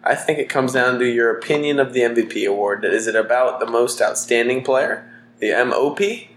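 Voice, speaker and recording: Man, young adult, mid pitch, teasing and laughing, casual podcast chat, roomy echo, faint hiss. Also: brisk, fairly bright tone. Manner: laughs easily, teasing, reasoned arguments. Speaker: podcast co-host. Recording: echoey room with faint noise.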